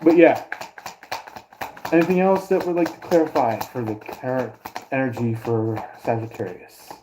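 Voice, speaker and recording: A man's voice: medium pitch, moderate pace, background noise. A man doing a casual astrology reading to his viewers, rambling with many fillers and restarts. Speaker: astrology and tarot reader.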